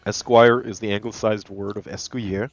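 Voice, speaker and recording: A man's voice: lowish voice, steady tone, normal speed, no room sound, soft background music. A man who is a lawyer, chatting casually as a guest, telling rambling stories, swearing freely and laughing often. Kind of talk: casual chat. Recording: dull lo-fi dry voice line.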